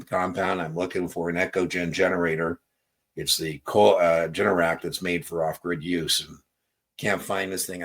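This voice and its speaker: A man's voice: sits low, slightly rough. A man giving a casual exam-prep lesson, explaining with anecdotes and acted-out dialogue. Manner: conversational, storytelling, acts out quoted dialogue.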